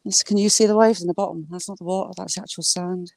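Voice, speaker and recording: A woman chatting casually on a walk by the water, filming on a handheld phone and cooing at ducks in a high sing-song voice. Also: steady tone, fast talker, hardly any pauses, darkish tone, no room sound. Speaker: vlogger. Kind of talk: casual walking vlog. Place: outdoors by water.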